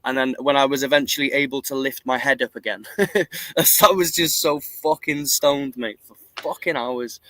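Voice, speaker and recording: A man's voice: medium pitch, normal speed, dry recording, low-quality recording. A man co-hosting a casual chat over a headset, swearing a lot as he tells stories. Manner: swears constantly, animated storytelling. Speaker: podcast co-host.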